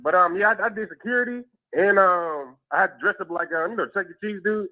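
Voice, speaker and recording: A man's voice: high-pitched, fast, over loud music. A man calling into a show, telling stories in a chatty, laughing way and ending lines with "bro". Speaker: caller. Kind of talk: phone-in storytelling. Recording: muffled lo-fi phone call.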